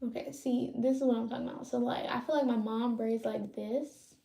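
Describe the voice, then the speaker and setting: A woman with a fairly high, gravelly voice chats loosely with her viewers while braiding her hair. She speaks in a relaxed, rambling way. The room gives her voice a roomy echo. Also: a little fast. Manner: loose, chatty, talks to viewers. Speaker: livestream host.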